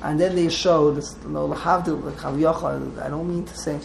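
A man's voice: fairly high pitch, steady tone, a little fast, vocal fry, a little hiss or hum, low-quality recording. A man teaching a text class to a small group, wandering off into side stories and restarting his sentences often. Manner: digressive, restarts often, mixes Hebrew terms.

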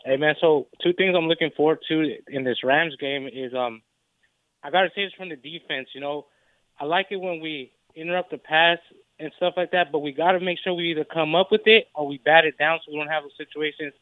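A man calling in to a sports radio show, talking in a casual, relaxed way. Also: fairly high pitch, brisk, no room sound. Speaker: caller. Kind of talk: phone-in call. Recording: tinny phone line.

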